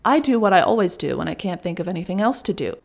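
A woman's voice: lowish voice, expressive, fast talker, creaky, a little mellow. A woman narrating a first-person story in a wry, dry storytelling manner.

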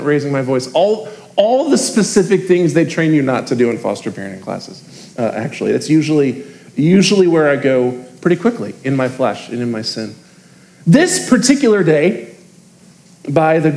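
A man's voice: mid-range voice, a little mellow. Earnest, confessional preaching man. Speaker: pastor. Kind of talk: sermon.

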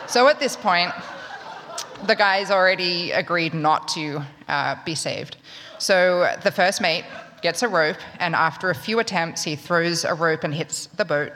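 A woman's voice: lowish voice, measured pace, a bit bright, in a large hall, slight background noise. A woman telling a true story live, in a wry, conversational, self-mocking way. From Australia.

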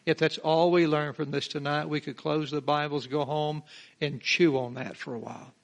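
Gravelly preaching man. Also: a little high, level tone. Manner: emphatic preaching, swelling on key words and slowing for emphasis; rhetorical questions to the congregation. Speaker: pastor. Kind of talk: verse-by-verse Bible teaching sermon.

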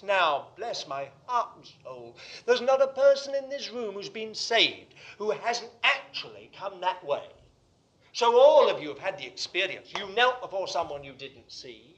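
A man preaching a sermon to a congregation in a room, fervent, swinging from hushed asides to loud declarations. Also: high-pitched, very animated, measured pace.

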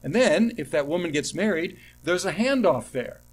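A middle-aged male pastor preaching in a voice pitched a little above most men's. He swings from loud, emphatic lines to quiet asides. He circles back and restarts phrases as he tells stories to the congregation. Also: lively intonation, normal speed, breathy edge. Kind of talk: sermon.

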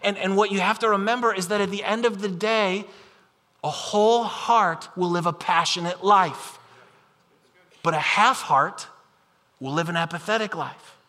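Male preacher with a high, bright voice, lively and chatty delivery, long hall reverb. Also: moderate pace. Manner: animated, conversational, acts out imagined voices. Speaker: pastor. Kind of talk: sermon.

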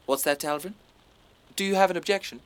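A man's voice: high-pitched, fairly quick, smooth, lightly acted. A man with a posh English accent playing a bossy, self-important amateur theatre director in a radio comedy. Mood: pompous. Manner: pompous, lecturing, self-important. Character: pompous, bossy middle-aged male director.

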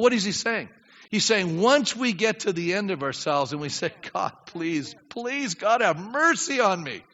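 An older male pastor preaches with a high, bright, sharp voice that leaps all over its range. He acts out prayers, drops low, then builds to shouts. The recording is dull and carries the long reverb of a church hall. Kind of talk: sermon. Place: church sanctuary.

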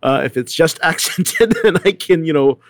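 A man's voice: fairly high pitch, animated, normal speed, dry recording. Chatty man, dry close sound. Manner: chatty, laughing, filler-heavy. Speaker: actor, acting teacher. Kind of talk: panel discussion.

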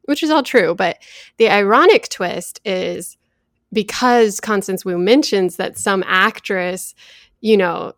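A woman's voice: medium pitch, takes it slowly, a bit bright, no echo, clean studio sound. A woman co-hosting a casual pop culture chat, talking loosely with many fillers. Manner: chatty, lots of "like" fillers. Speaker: podcast co-host.

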